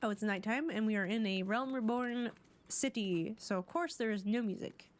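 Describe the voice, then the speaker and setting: A woman's voice: medium pitch, moderate pace. A woman streamer giving playful, chatty commentary while playing a game. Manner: playful, chatty, teasing remarks to chat. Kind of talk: casual gameplay commentary.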